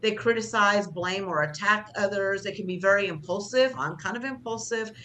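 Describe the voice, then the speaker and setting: A woman's voice: medium pitch, normal speed, bright, forceful tone, slight background noise. A middle-aged woman instructor giving a conversational classroom lecture, speaking about herself plainly and acting out short example lines. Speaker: job training instructor.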